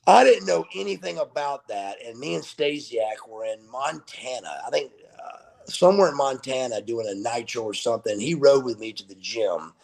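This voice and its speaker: Middle-aged male guest, gravelly husky delivery, acts out the dialogue in his stories. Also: mid-range voice, normal speed. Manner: animated storyteller who acts out quoted dialogue. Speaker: guest wrestler. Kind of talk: casual storytelling interview.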